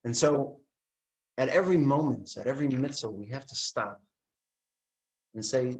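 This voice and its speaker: A man, likely a rabbi, giving a sermon and telling a story, acting out the characters' dialogue with lively expression. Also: medium pitch, moderate pace, long pauses, poor audio. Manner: animated storyteller who acts out the dialogue.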